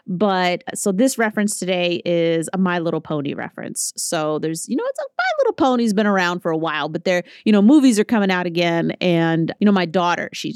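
A woman in her thirties hosting a podcast, telling stories in a casual, animated way and acting out what people said. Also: on the low side, dry recording, studio quality. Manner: chatty, animated storytelling with acted-out quotes. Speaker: podcast host. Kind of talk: casual solo podcast talk.

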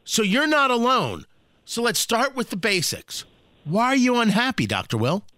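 A male talk radio host with a high, lively voice that jumps around in pitch. His tone is bright and forceful, and the sound is dry and close. He questions his guest with wry asides. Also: moderate pace, no room sound.

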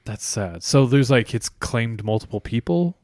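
A man's voice: mid-range voice, animated, a little slow, darkish tone. A man co-hosting a podcast, asking questions and joking in casual chat. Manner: laughs often, playful questions. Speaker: podcast co-host.

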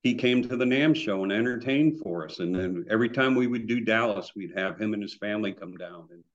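Low-voiced man, dull lo-fi audio. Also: brisk. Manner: animated anecdotes with acted-out quotes. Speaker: guitar builder guest. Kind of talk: casual storytelling.

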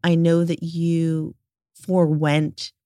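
A woman's voice: sits low, flat delivery, slow, dry recording, studio quality. A woman hosting a wellness interview podcast, chatty and enthusiastic, often saying "like". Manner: warm, enthusiastic, says "like" often. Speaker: podcast host. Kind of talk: casual interview chat.

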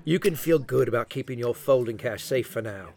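A man's voice: medium pitch, lively intonation, a little fast, vocal fry, a little mellow. An actor playing a cocky male card hustler who narrates with a wry, sardonic tone and puts on a fake Australian accent at the table. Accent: fake Australian put-on over American. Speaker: narrator and poker player. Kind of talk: scripted audio drama.

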